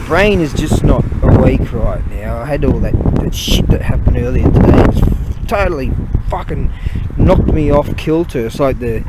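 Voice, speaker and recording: Rambling, swearing man outdoors in wind. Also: a little high. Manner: halting, swears freely, loses his train of thought. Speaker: vlogger. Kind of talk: rambling storytelling on a walk. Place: outdoors on a cold walk. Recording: loud wind noise on outdoor mic.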